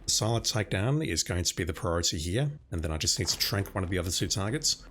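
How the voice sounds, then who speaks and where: A hoarse man with a lowish voice talks through his game plan as he streams, thinking aloud step by step. His voice is worn and scratchy, and faint music plays behind him. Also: animated, fast talker, fairly bright tone. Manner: thinking aloud, planning moves. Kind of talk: gaming commentary.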